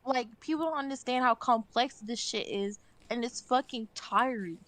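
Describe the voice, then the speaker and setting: A woman's voice: a little high, moderate pace, a bit bright. A woman chatting on a stream as a guest, speaking bluntly and emphatically, with an exasperated edge. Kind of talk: casual chat.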